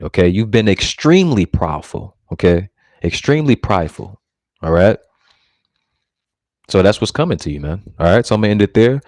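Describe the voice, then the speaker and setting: A man preaching from scripture, reading verses slowly and checking in with "all right?" and "okay?" after nearly every line. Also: on the low side, very animated, a little mellow, no room sound, studio quality. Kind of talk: street-style scripture teaching.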